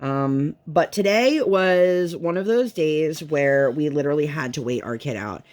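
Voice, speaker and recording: A woman chatting casually at home while she crafts, venting and telling her story in an animated way. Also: deep voice, unhurried. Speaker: vlogger and mother.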